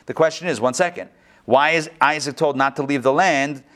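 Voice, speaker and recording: Animated rabbi teaching, higher-voiced man. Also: normal speed. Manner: animated, playful, asks rhetorical questions. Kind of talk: joking, interactive text study lecture.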